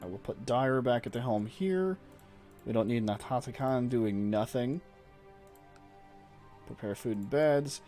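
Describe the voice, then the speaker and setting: A man's voice: medium pitch, expressive, a little slow, long pauses, dark tone, faint music behind. A man streaming a strategy game, chatting casually and reading game text aloud as he plays. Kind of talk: casual gameplay commentary.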